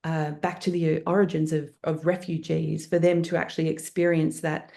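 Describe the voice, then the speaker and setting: A woman's voice: low voice, flat delivery, moderate pace, gravelly, mellow. A woman producer from Australia, answering interview questions thoughtfully with many fillers and restarts. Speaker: guest producer. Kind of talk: panel interview.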